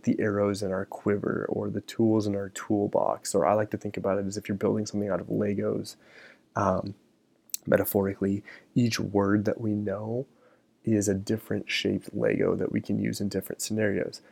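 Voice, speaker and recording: A middle-aged man talks through his podcast episode in a relaxed, meandering way, leaning on fillers as he thinks aloud. His voice sits low with a gravelly edge and a dark, mellow tone. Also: brisk. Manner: relaxed, many fillers like um and you know. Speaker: podcast host. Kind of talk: casual solo podcast talk.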